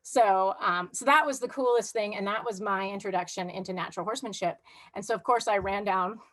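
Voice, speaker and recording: Woman guest on a video call, chatty storyteller with lots of restarts, plain pitch, dry sound. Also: brisk, no room sound, rough recording. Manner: animated, chatty, many fillers and restarts. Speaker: guest horse trainer. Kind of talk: storytelling in a live video interview.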